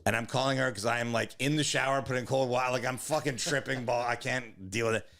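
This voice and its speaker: A man's voice: medium pitch, steady tone, a bit bright. A man co-hosting a comedy podcast, telling long rambling profane stories in casual chat. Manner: rambling, profane, quick storytelling.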